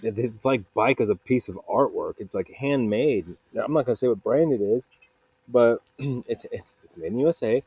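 A man's voice: medium pitch, normal speed, darkish tone, husky, no room sound. A man hosting a solo podcast, rambling and joking about himself in a casual monologue. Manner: digressive, self-mocking, quotes people in put-on voices. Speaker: podcast host. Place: makeshift home vocal booth.

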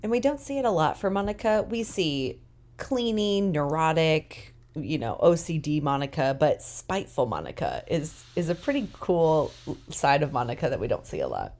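A woman co-hosting a podcast, recapping a TV episode in a casual, animated way with emphatic opinions; she is tired. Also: deep voice, moderate pace. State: tired, yawning. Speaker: podcast co-host.

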